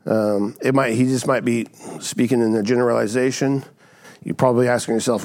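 A man's voice: medium pitch, steady tone, fairly quick, darkish tone. Man preaching a conversational sermon. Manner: conversational preaching, frequent rhetorical "right?". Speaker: pastor.

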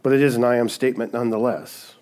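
A man's voice: mid-range voice, quick pace. A man preaching a sermon as pastor, casual and conversational, often asking "right?" and acting out quoted voices. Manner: conversational, frequent "right?" tag questions; animated, acts out quoted voices.

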